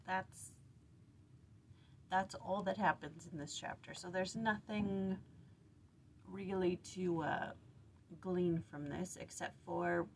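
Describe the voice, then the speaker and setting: A woman with a low, gravelly voice talks through scripture study in a loose, conversational way. She retells the story in everyday words, trips over a few phrases and starts again. A faint hiss sits under her home recording. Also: fairly even intonation, slow pace, pauses often, poor audio. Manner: reads a devotional passage, then retells the story casually with restarts. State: sleepy, blurry-eyed early morning. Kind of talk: casual scripture study reflection.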